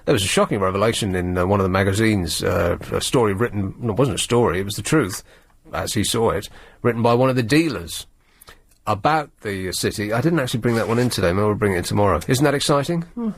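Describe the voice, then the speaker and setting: A man's voice: on the low side, animated, fast talker, husky, dry recording. Male talk radio host, sardonic and rambling, dry studio sound. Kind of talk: late-night talk radio monologue.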